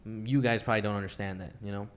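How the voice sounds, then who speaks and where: A man's voice: on the low side, steady tone, racing, a little hiss or hum. A young man hosting a podcast, talking earnestly in a rambling way and swearing freely. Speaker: podcast host. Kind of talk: casual chat.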